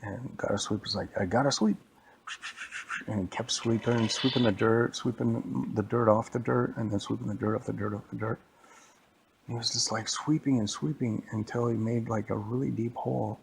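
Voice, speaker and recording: Man with a creaky voice improvising a casual, rambling story aloud. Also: mid-range voice, steady tone, moderate pace, slight background noise. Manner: casual, rambling, repetitive telling. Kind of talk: improvised bedtime-style storytelling.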